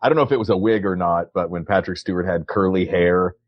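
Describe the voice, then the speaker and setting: A man co-hosting a comedy podcast from his home, arguing his points in a playful, deadpan way. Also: low-pitched, fast, muffled recording. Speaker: podcast co-host. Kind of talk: casual chat. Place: his home, recording remotely.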